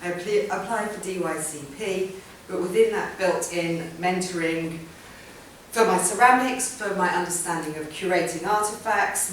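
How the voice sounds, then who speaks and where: Speaking about her own work, a woman artist with a lowish voice gives a chatty, rambling public talk full of ums and restarts. It's recorded in an event room or hall from a distant mic, sounding roomy with a little hiss or hum.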